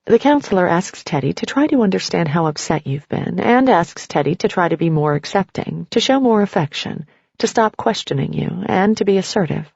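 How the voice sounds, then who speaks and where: Woman narrator, steady second-person storytelling, gravelly husky voice, dull lo-fi dry recording. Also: on the low side, normal speed, no room sound. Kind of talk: nonfiction audiobook reading.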